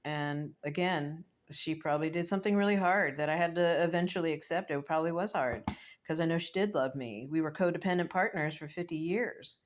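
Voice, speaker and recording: A woman in her fifties, a tarot reader, talking through a card reading in a reflective, emotional and rambling way, with many fillers and soft laughs. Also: deep voice, a little fast. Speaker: tarot reader and spiritual medium. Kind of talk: casual spiritual vlog, tarot reading.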